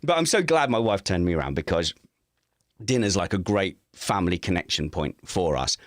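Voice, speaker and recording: Low-voiced male co-host, animated, self-deprecating, dry close sound. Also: moderate pace, no echo. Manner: animated and self-mocking, laughs often. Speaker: co-host of a livestream chat show. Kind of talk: casual chat. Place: at home.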